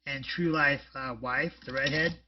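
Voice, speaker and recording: A man's voice: on the high side, fairly even intonation, measured pace, far from the mic, highs cut off. A man co-hosting a casual podcast chat, rambling with lots of fillers and blunt jokes. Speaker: podcast co-host.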